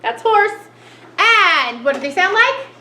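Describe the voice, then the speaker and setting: Gasping happily as each new picture appears, a woman leads a cheerful children's lesson in a very high-pitched, sing-song voice. She speaks slowly, and the echoey room carries a little background noise.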